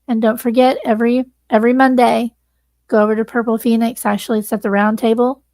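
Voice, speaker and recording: A woman's voice: a little high, little pitch movement, fast talker, a little mellow, no echo. A woman hosting a livestream, earnestly thanking viewers and close to tears. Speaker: livestream host. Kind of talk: casual livestream sign-off.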